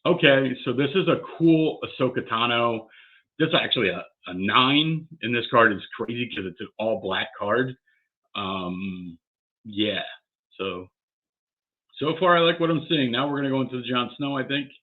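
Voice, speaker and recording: A man's voice: medium pitch, expressive, normal speed. A man vlogging as he opens graded trading cards, worked up and swearing as he talks to himself. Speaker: card collector vlogger. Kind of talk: excited unboxing vlog. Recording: tinny phone-like sound.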